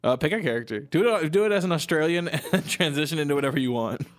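Fast-talking young man, excitable. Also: a little high. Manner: quick, excitable, eggs his co-host on. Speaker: podcast co-host. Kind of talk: casual podcast chat.

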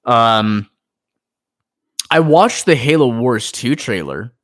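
Excitable rambling male podcast co-host. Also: medium pitch, takes it slowly. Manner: excitable, rambling with many fillers. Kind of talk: casual chat.

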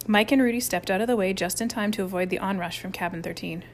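A woman's voice: mid-range voice, quick pace. A woman narrating a children's chapter book aloud, reading expressively. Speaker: audiobook reader. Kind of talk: storybook narration.

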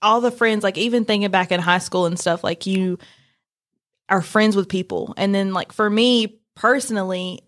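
A woman's voice: medium pitch, moderate pace. A young woman guest on a podcast, chatting casually and loosely, with many fillers. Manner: relaxed, lots of fillers. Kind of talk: casual chat.

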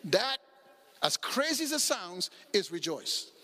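Middle-aged male pastor, bright sharp tone, lively storytelling sermon with bursts of shouting. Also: sits high, unhurried. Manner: animated storytelling preacher, acts out dialogue, sudden shouts.

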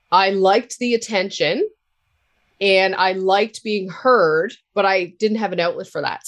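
A woman with a Cape Breton accent, a podcaster talking candidly as an interview guest, with a loud laugh. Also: lowish voice. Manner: candid, laughs loudly, swears freely. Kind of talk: casual interview talk.

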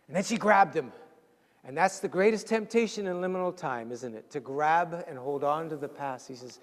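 Male pastor, sermon, high voice, storytelling with hushed dramatic drops, echoing hall. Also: normal speed. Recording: long reverb in a large hall.

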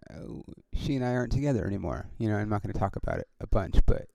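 A man's voice: on the low side, lively intonation, fast, creaky, mellow, no echo. A man hosting his own podcast, talking in a casual, rambling way with many restarts and frequent swearing. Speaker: podcast host and comedian.

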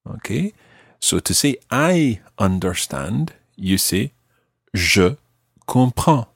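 Patient male language teacher, lively and husky. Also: lowish voice, no room sound, studio quality. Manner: patient, slows down to spell out phrases. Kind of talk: podcast language lesson.

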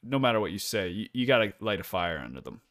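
Blunt, animated man on a sports podcast. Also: fairly low pitch, fast talker. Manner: blunt, animated, laughs often. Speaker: podcast co-host. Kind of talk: casual sports podcast chat.

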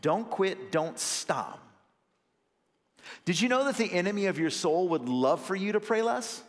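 Young male pastor, earnest conversational sermon, fairly high voice, big church hall echo. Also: sing-song, unhurried. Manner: earnest, conversational preaching with rising emphatic bursts. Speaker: associate pastor. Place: church sanctuary.

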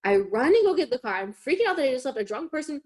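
A young woman with a slightly high voice tells a chaotic story in a casual podcast chat. She swears freely and acts out each quoted line. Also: very animated, fast talker, a little mellow.

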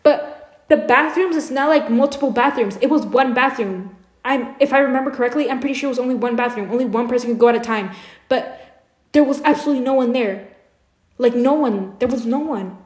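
A woman's voice: high-pitched, brisk, darkish tone. A young adult woman co-hosting a podcast, telling a long story in casual chat, filling it with lots of filler words. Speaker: podcast co-host. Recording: echoey room.

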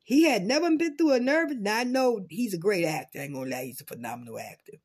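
A woman vlogging in casual commentary, profane and dramatic, swinging between loud outbursts and low muttering. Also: expressive, quick pace, breathy edge. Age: adult parent.

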